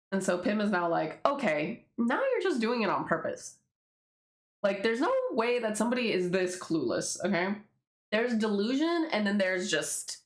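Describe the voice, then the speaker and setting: A woman casually commenting as she reads her own comic aloud, rambling, swearing and laughing in asides. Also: mid-range voice. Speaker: webtoon creator. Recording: roomy echo.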